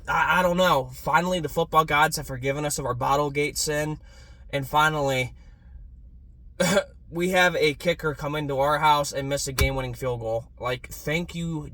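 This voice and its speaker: Profane, excitable young man ranting. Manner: profane, excitable, swings from low mutter to loud yelling. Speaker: sports fan vlogger. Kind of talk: casual ranting vlog.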